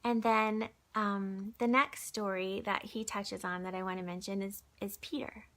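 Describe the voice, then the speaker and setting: A woman giving a gentle, conversational devotional talk and reading aloud from a book for a recorded church video, with many fillers and restarts, sometimes dropping to a soft whisper. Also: mid-range voice, flat delivery, unhurried. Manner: drops to a soft whisper at times.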